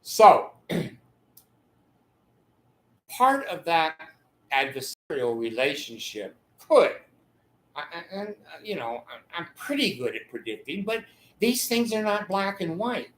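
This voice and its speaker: An older man with a slightly high voice rambles slowly through a monologue. He breaks into chuckles mid-sentence and acts out the people in his stories. The room is echoey. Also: sing-song. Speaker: channel host giving advice.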